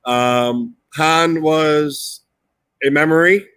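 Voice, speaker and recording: A man's voice: a little high, extremely slow, fairly bright tone, smooth, no echo, rough recording. Man rambling in a dry close room. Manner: rambling, many fillers. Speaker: co-host. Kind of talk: casual live chat.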